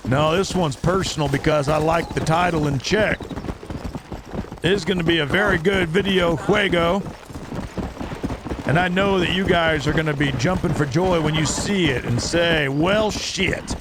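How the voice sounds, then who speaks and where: A man's voice: a little high, moderate pace, noisy background. A male game streamer making rambling, jokey commentary, sometimes slipping into a mock-cowboy drawl. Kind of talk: casual gameplay commentary. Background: game horse hoofbeats.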